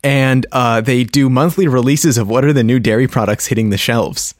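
A man's voice: mid-range voice, normal speed, no echo, studio quality. A man co-hosting a casual chat, rambling through explanations with many ums and restarts. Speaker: podcast co-host.

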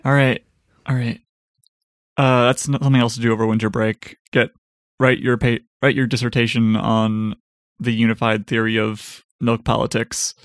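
A man co-hosting a casual chat, joking and sarcastic with quick quips. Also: mid-range voice, level tone, dry recording, studio quality. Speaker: podcast co-host.

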